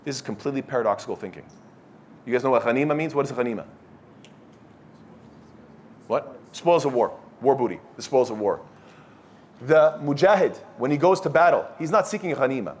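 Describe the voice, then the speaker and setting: Addressing a youth circle live, a man preaches a blunt, scolding lecture-style sermon and tests the audience with questions. His medium-pitched voice is animated and brisk, with frequent pauses, over a little hiss or hum.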